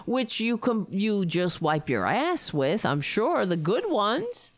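A woman's voice: medium pitch, sing-song, slow, hardly any pauses, dry recording. A woman hosting a political talk show, ranting with profane, sarcastic mockery. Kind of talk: angry political commentary.

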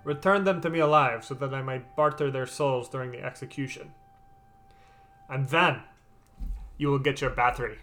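A man voicing a cold, scheming male villain who speaks slowly and with menace. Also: mid-range voice, sharp tone, faint music behind, lightly acted. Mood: menacing. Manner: slow, menacing, commanding.

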